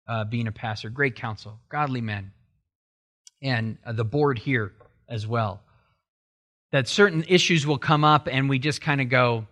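A man preaching a Bible sermon with a bright, forceful voice. He teaches conversationally and swings into loud, high-pitched bursts when he acts out inner arguments. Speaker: pastor.

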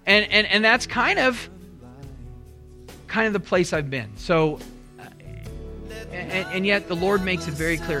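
Animated man preaching a sermon. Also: high voice, measured pace, long pauses, faint music behind. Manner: animated, acts out inner dialogue with sudden loud bursts. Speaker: pastor. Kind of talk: sermon teaching.

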